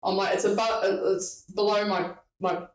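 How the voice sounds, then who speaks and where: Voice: medium pitch, little pitch movement, moderate pace. A podcast host telling a work story in casual chat, swearing freely and acting out the dialogue. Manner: chatty, swears freely, acts out quoted dialogue. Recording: roomy, distant mic.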